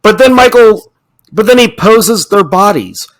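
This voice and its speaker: A man co-hosting a casual podcast, talking in an animated, ranting way and swearing freely. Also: high-pitched, unhurried. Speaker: podcast co-host.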